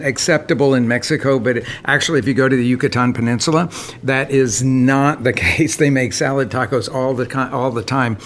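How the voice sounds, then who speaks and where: A middle-aged man, a chef co-hosting a casual food podcast, talking with enthusiasm and laughing often. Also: medium pitch. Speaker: co-host, chef.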